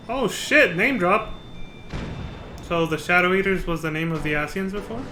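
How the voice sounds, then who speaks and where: A young man streaming a game, excitable and swearing freely, laughing often. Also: sits high, moderate pace, pauses often, slight background noise. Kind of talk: casual live-stream commentary while playing.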